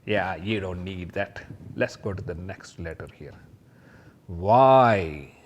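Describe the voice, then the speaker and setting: A man teaching kindergarten children, talking straight to them about letters and toys in a slow, sing-song way and imitating sounds. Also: sits low, highs cut off.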